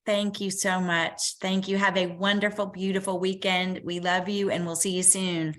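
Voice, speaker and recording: A woman's voice: medium pitch, little pitch movement, normal speed, fairly bright tone. A woman hosting an interview on a video call, gushing with praise and thanks. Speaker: host.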